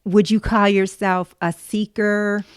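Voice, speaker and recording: A woman's voice: medium pitch, flat delivery, slow, clear, resonant tone, no echo, clean studio sound. A woman hosting a podcast interview, encouraging her guest with frequent short affirmations. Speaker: podcast host. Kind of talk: casual interview.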